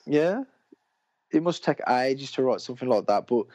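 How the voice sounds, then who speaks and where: A man's voice: medium pitch, lively intonation, normal speed, a little mellow. A man co-hosting a casual film podcast, talking in an enthusiastic, rambling way and often cutting himself off. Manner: rambling, enthusiastic, self-interrupting. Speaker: podcast co-host. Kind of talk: casual chat. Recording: dull lo-fi recording.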